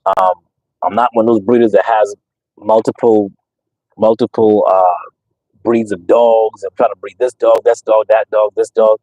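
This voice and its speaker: Emphatic low-voiced man breeder. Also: little pitch movement, a little slow, dark tone, no room sound, muffled recording. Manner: emphatic, preachy, repeats himself with many fillers. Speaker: dog breeder and channel host. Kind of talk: casual livestream talk to viewers.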